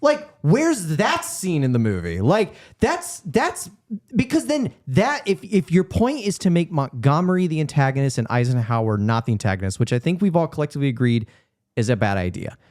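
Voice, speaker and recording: A man's voice: a little high, very animated, moderate pace, darkish tone. A man co-hosting a casual film-review podcast, arguing his point at length with hedges and asides. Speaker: podcast co-host.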